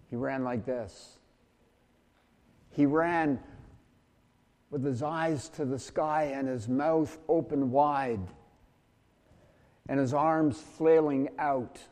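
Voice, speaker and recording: A man preaching a sermon, talking slowly and haltingly with frequent restarts and fillers. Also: a little high, a little mellow, in a large hall. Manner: slow, halting delivery with many restarts and fillers. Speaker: pastor.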